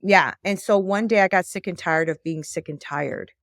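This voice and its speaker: A woman life coach as a podcast guest, telling stories in a lively way and acting out the dialogue. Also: lowish voice, normal speed, no room sound, studio quality. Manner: animated storytelling, acts out quoted dialogue. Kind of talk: conversational interview.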